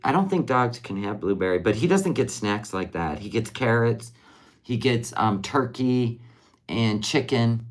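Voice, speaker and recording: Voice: medium pitch, expressive, measured pace. A live-streamer chatting casually while finishing crafts, rambling and answering viewer comments as they come in. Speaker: livestream crafter.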